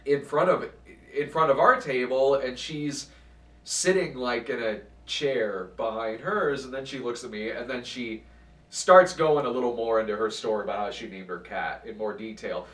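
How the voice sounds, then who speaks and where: A man tells a convention story in a casual, lively way, swearing often and acting out what others said. He sits back from the mic. The room around him echoes. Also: mid-range voice, normal speed, far from the mic. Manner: animated, profane, acts out quotes. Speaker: channel host.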